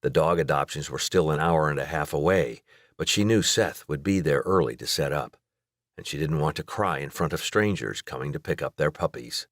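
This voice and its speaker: A male audiobook narrator reading in a steady, measured way. His voice sits very low. The recording is dry and close. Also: dry recording. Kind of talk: scripted narration.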